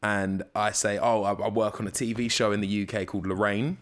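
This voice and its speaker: A man's voice: lowish voice, a little fast. A young man with a South London accent, chatting as a podcast guest and acting out the people in his stories. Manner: animated storyteller, acts out dialogue. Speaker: radio presenter, guest. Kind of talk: casual podcast chat.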